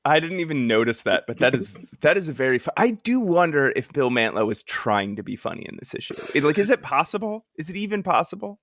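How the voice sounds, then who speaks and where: A man's voice: a little high, very animated, quick pace, hardly any pauses, a bit bright, dry recording, studio quality. A tired man co-hosting a comic book podcast, cracking up often through punchy banter. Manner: giggly, punchy, exhausted banter. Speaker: podcast co-host.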